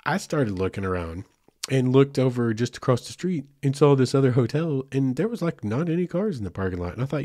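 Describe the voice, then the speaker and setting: A man's voice: mid-range voice, lively intonation, normal speed, darkish tone, no echo, studio quality. A man hosting a podcast, telling a road trip story in a loose, chatty way with many fillers and asides. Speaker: podcast host. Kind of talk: casual storytelling.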